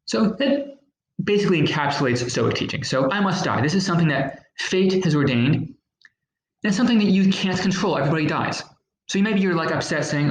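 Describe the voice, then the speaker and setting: A man's voice: on the high side, sing-song, a little fast, roomy sound, rough recording. A man teaching a recorded history lesson, explaining patiently with fillers and acting out little examples.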